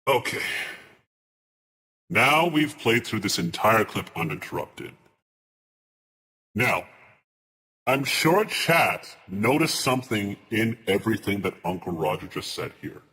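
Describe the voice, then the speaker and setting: A man's voice: fairly low pitch, big pitch swings, pushed and bright. Man arguing on a reaction stream. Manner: deliberate, restarts mid-word while arguing a point. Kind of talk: live reaction commentary.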